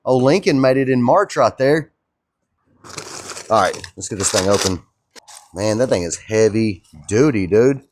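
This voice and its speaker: A young man chatting casually in his shop vlog, laid-back and excited, tossing in "dude" and "man". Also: mid-range voice. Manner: laid-back and enthusiastic, drawling, calls viewers dude and man. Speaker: custom truck builder and vlogger.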